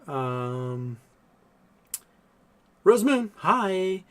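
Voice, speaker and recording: An expressive Texan with a mid-range voice speaks at a moderate pace while hosting a relaxed livestream. He reads super chats, meanders through viewer questions thinking aloud with lots of fillers, and coos softly to his cat.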